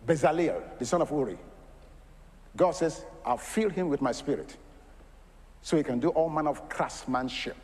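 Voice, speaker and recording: A man preaching with a high, lively voice that swoops up and down. He throws rhetorical questions at his listeners and laughs between points. His voice rings with the long reverb of a large hall. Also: moderate pace, pauses often. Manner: animated, laughing asides, rhetorical questions to the congregation. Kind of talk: sermon.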